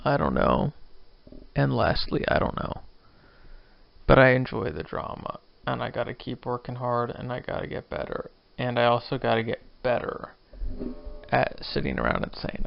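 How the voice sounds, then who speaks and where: A man's voice: mid-range voice, sing-song, moderate pace, gravelly, highs cut off. A drunk man in his twenties hosting his own podcast, rambling and joking at his own expense. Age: 20s. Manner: rambling, self-deprecating. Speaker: podcast host. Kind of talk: casual solo rambling podcast.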